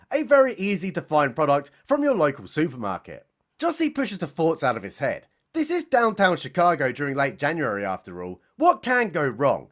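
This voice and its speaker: A man's voice: fairly high pitch, a bit bright. A man narrating a satirical story in a sarcastic, mocking, theatrical way. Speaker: comedy narrator. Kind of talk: mock-dramatic satirical storytelling.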